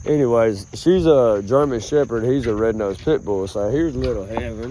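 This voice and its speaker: Young guy, mellow tone, rambling cussing vlog talk outdoors in a field. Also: medium pitch, normal speed. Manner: rambling, swears often, calls listener bro. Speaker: vlogger. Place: outdoors in a rural grassy field.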